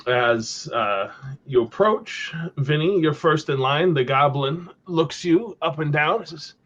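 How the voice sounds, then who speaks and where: A man's voice: a little high, lively intonation, slow pace, a bit bright. Male game master narrating a tabletop game; descriptive delivery, mid voice, muffled audio. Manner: descriptive, with fillers. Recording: slightly dull lo-fi audio.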